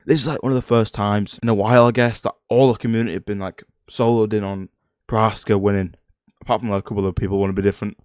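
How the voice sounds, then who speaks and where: Give me a fast-talking young man with a low voice, blunt and excitable. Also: no room sound, studio quality. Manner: excitable, blunt and profane, fires rhetorical questions. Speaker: MMA prediction YouTuber. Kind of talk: casual fight predictions vlog.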